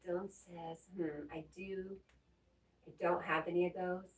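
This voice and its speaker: A woman hosting a livestream, reading viewers' messages aloud and answering them in a gentle, comforting way. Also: fairly low pitch, little pitch movement, a little slow. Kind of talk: casual livestream chat. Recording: roomy echo, mic at a distance.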